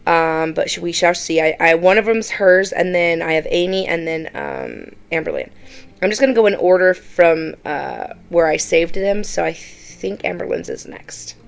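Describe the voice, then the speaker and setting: A woman's voice: on the low side, moderate pace, gravelly, clear, resonant tone. A woman YouTuber giving casual reaction commentary, blunt and exasperated, often mimicking the people she talks about.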